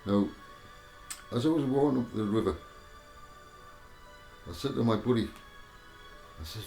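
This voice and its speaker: Slow, halting man telling a testimony. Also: mid-range voice, animated, gravelly, dark tone. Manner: halting, repeats words and restarts often. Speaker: storyteller giving a spiritual testimony. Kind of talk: personal testimony storytelling. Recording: roomy echo with faint music behind.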